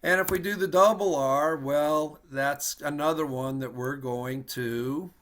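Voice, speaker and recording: A man's voice: fairly high pitch, a bit bright. Patient man teaching a language lesson. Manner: patient, slow demonstration of words, easygoing asides. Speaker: Spanish teacher. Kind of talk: casual online language lesson.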